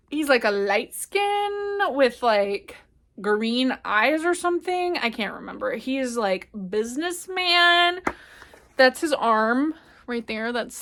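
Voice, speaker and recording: A young woman chatting casually about a book she read, animated and full of fillers. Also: fairly high pitch. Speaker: book reviewer. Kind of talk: casual vlog book review.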